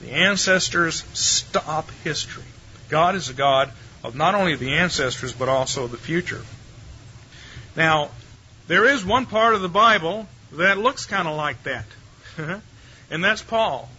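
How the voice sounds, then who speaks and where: A man's voice: a little high, lively intonation, a little slow, sharp tone, highs cut off, a little hiss or hum. An older man giving a theology lecture to a live audience in a wry, conversational way, putting rhetorical questions to his listeners.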